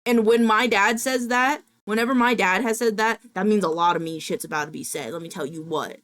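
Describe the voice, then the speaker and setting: A young woman streaming from her home setup, her voice sitting at an everyday middle pitch. She talks casually to her chat, ranting with fired-up indignation and plenty of swearing. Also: fairly quick, a bit bright.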